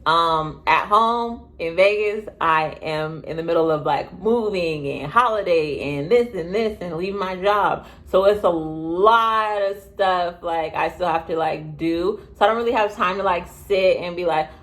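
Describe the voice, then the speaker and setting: A young woman telling a story to her viewers in a casual vlog, rambling and chatty with quick asides. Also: on the low side, a bit bright. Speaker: vlogger. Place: indoors, sitting at home.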